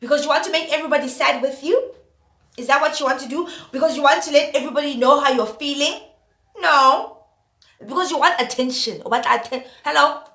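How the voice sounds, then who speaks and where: A woman's voice: high voice, brisk, bright, forceful tone, reverberant. A woman vlogging an opinion rant to camera, exasperated and firing off repeated rhetorical questions. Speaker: vlogger host.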